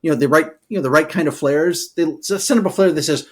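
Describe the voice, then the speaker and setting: A man co-hosting a podcast, telling history as a loose, animated story, full of "okay" and "all right" asides. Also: a little high, fast talker. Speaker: podcast co-host. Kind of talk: casual storytelling chat.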